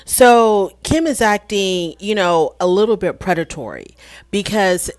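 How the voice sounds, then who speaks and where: A woman's voice: medium pitch, sing-song, measured pace, no room sound. A woman casually recapping a reality TV episode, chatty and conversational, acting out the people she quotes and asking rhetorical questions. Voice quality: frequent fillers and restarts, rhetorical questions. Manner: chatty and conversational, retelling scenes with quoted voices.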